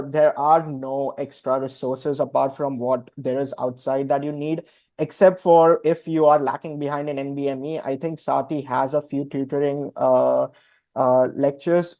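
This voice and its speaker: A man's voice: mid-range voice, gravelly, warm tone, no room sound. Young guy telling his residency story, lots of uhs, mid voice, dry sound. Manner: hesitant, frequent "uh" fillers. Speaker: guest sharing his residency match story. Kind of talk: casual webinar testimonial.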